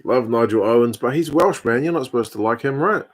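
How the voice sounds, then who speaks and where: Brief: New man in his thirties, laid-back live-stream host, mid-pitched voice, chatty, replies to viewer comments. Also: fairly quick. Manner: relaxed, chatty, reads and answers viewer comments. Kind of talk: casual live-stream chat over a rugby match.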